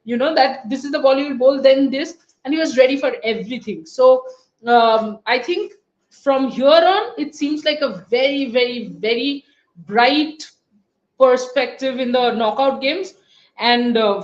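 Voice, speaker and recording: A woman's voice: high-pitched, measured pace, echoey room, highs cut off. A woman hosting a live post-match cricket show, analysing the game with many hesitant fillers.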